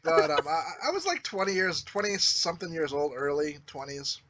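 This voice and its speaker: A man's voice: fairly high pitch, moderate pace, pushed and bright, slight background noise. A man co-hosting a podcast, telling laid-back anecdotes in casual chat and laughing between lines. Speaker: podcast co-host.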